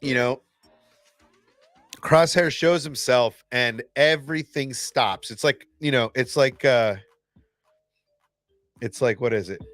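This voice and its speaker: Brief: a mid-pitched male host, excitable and profane, in a dry, close recording. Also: takes it slowly, pauses often, dry recording, soft background music. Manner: excitable and blunt, swears, restarts often. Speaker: fan reaction host. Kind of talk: casual reaction commentary.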